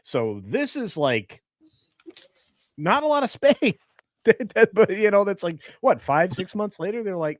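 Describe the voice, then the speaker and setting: An excitable man co-hosting a live stream, his voice fairly high and leaping around in pitch. He laughs a lot, and the sound is dry and close. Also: unhurried, no echo. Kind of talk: casual live-stream chat.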